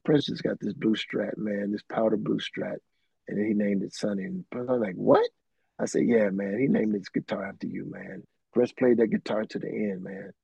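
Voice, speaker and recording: A man's voice: on the low side, creaky, mellow, breathy edge, no room sound, poor audio. A middle-aged man, a keyboardist guest telling rambling anecdotes full of restarts and "man". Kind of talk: casual storytelling.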